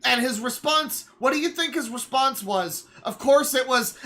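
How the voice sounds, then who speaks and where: A man's voice: very high voice, moderate pace, pushed and bright. A man streaming live, reacting to videos with sarcastic, exasperated, profane rants.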